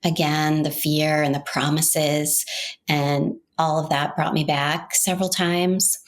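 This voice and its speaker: A woman's voice: low-pitched, little pitch movement, takes it slowly, a little hiss or hum. A middle-aged woman from Maine, a podcast host telling her own story in an earnest, heartfelt, reflective way. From Maine, United States.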